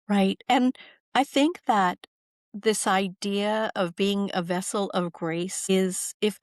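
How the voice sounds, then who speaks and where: A woman, an author appearing as a podcast guest, telling stories in a warm-hearted, emphatic way and acting out the quotes. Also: medium pitch, dry recording, clean studio sound. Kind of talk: conversational storytelling.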